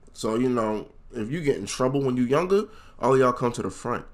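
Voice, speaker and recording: A young man telling a comedic story from his school days in a casual, slangy, profane way, leaping into high voices when he quotes people. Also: fairly quick.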